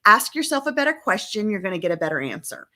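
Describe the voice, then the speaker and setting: This fast-talking woman, mid-range in pitch, is a family coach in a video-call live stream. Emphatic and lively, she regularly acts out what family members said.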